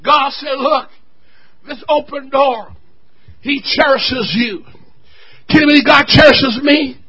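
A male pastor preaching a sermon. He cries out and shouts at his climaxes and whoops, then drops to quiet joking asides. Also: extremely high pitch, moderate pace, lo-fi sound.

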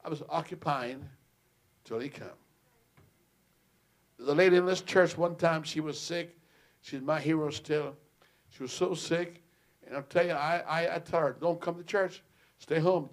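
A man pastor preaching a sermon in a church, telling a story, dropping to a hush and rising to loud exclaiming, with frequent amens and hallelujahs. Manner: swings from loud exclaiming to quiet low storytelling; punctuates with "amen" and "hallelujah".

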